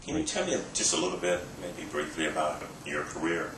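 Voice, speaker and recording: A man interviewer asking a soft, tentative question. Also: a bass voice, sing-song, brisk. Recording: distant, roomy camera audio with background noise.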